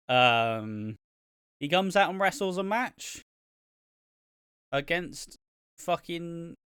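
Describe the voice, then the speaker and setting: A man's voice: fairly high pitch, fairly bright tone, clear, resonant tone, no echo, studio quality. A man co-hosting a wrestling podcast, chatting casually, swearing freely and laughing often. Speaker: podcast co-host. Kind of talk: casual wrestling review chat.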